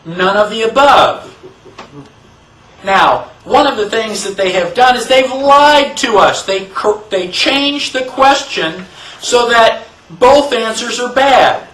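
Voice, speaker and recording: A man with a high voice gives an emphatic classroom lecture and keeps asking his listeners rhetorical questions. He sounds distant from the microphone, and the room around him echoes. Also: expressive, takes it slowly, fairly bright tone. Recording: echoey room, mic far off.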